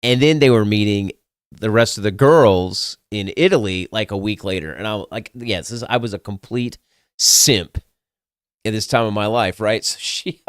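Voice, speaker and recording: A young man tells a story with candid, crude humor, swearing and laughing at himself. His voice sounds smooth and resonant and sits a little low. It is recorded close and dry, with no room echo. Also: normal speed. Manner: candid, crude, self-mocking, swears freely. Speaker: podcast host. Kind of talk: casual storytelling.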